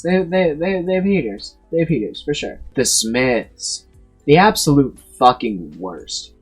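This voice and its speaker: A man in his twenties talks through a casual ranking monologue, blunt and profane, stumbling into restarts as he pushes his opinions. His voice sits at a middling pitch with a slightly husky edge. Faint music plays softly in the background. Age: 20s. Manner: blunt, profane, emphatic rants with frequent restarts. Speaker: tier list video creator.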